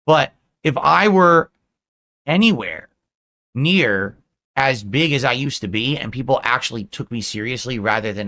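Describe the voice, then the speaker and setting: A man's voice: medium pitch, animated, moderate pace, a bit bright. A man streaming, delivering a self-pitying, lecturing monologue to his viewers.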